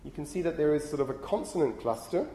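A fast-talking, animated university lecturer with a slightly high voice and a dark tone teaches phonetics in an echoey hall with faint room noise. He punctuates points with "okay?" and sharply scolds students who chat.

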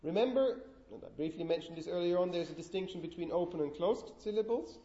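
A man lectures on linguistics in a mellow, slightly high voice, explaining step by step and testing the class with questions. The recording is roomy and a little dull, as if taken in a lecture room. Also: fast. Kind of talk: university lecture.

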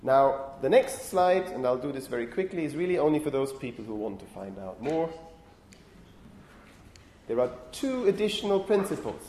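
A male lecturer giving a university lecture, talking in a lively way, often correcting himself and checking in with "okay?". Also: mid-range voice, normal speed, a little hiss or hum. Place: lecture hall. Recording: roomy lecture hall echo.

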